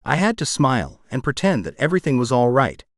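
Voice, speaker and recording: Animated male audiobook narrator. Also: medium pitch, fast talker, no room sound, clean studio sound. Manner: emotional, expressive reading. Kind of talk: scripted first-person narration.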